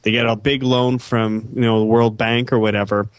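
A man's voice: mid-range voice, flat delivery, normal speed, dry recording. A man co-hosting a casual podcast chat, rambling and often repeating words as he talks. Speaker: podcast co-host.

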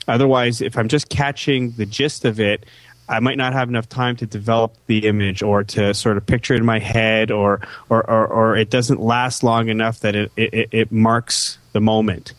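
Brief: male podcast co-host, lowish voice, casual and rambling, dry close sound. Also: little pitch movement, moderate pace, dry recording. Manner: rambling, repeats words often. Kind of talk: casual chat.

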